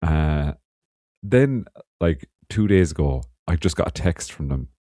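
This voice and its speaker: A man's voice: extremely low pitch, expressive, measured pace, mellow, no echo, clean studio sound. An Irish man co-hosting a podcast, rambling through stories in casual chat, swearing and laughing often. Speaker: podcast co-host.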